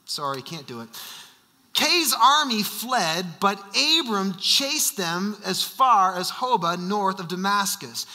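A man's voice: high-pitched, very animated, takes it slowly, pushed and bright, long reverb tail. A male senior pastor preaching a sermon, emphatic and fond of rhetorical questions.

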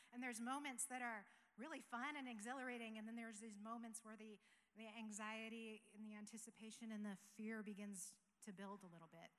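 A woman's voice: a little high, in a large hall. A woman in her forties, an operations pastor, sharing a personal testimony in an earnest, conversational way. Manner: earnest, conversational, with soft laughs. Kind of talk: church testimony talk. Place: church sanctuary.

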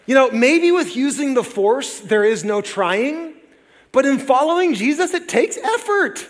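Male pastor, 40s, high voice, lively conversational sermon with humor, hall reverb. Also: a little slow, some chatter behind. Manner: lively, conversational preaching with jokey asides. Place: church sanctuary. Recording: long reverb of a large hall.

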